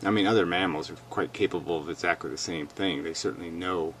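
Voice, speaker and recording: Speaking quickly in a low register, a man hosts a video reaction with a little hiss or hum behind him. His commentary is argumentative, with his point delivered bluntly and emphatically.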